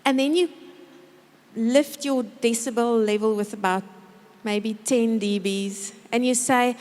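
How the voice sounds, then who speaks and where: A middle-aged woman giving a lively, humorous parenting talk in a large church auditorium, acting out parents and children as she speaks. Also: on the high side, measured pace. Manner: lively, humorous storytelling, mimics parents and kids. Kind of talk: conference talk with acted-out quotes. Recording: reverberant hall.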